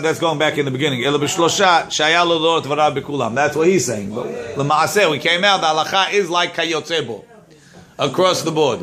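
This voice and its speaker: A male rabbi teaching Talmud in a fairly high, bright voice. He moves between the text and English explanation and often repeats a word while he searches for the next. He acts out the quarrelling claimants with sudden raised lines. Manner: switches between Hebrew-Aramaic text and English. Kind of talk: Talmud class, reading and translating.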